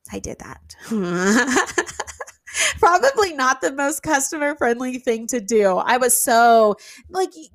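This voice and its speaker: A woman who runs an event venue tells a casual story, animated and emphatic, with fillers and the odd swear word. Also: fairly high pitch, dry recording. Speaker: venue owner.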